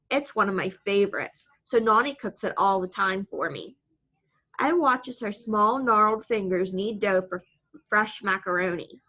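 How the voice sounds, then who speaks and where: Woman audiobook narrator, mid-pitched, plain matter-of-fact first-person read. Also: sharp tone.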